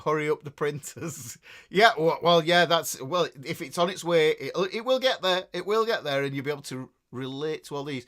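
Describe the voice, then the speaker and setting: A man's voice: fairly high pitch, a bit bright. A man with a Northern English accent hosting a live guitar class, chatting casually and reading out viewers' greetings. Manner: chatty and rambling, with frequent restarts and laughs.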